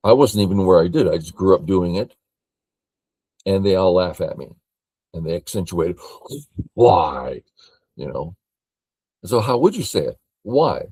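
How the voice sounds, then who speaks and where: An older man from California reviewing a board game as a teacher, thinking aloud in a slow, matter-of-fact way. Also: low voice, dark tone, slightly rough, no echo.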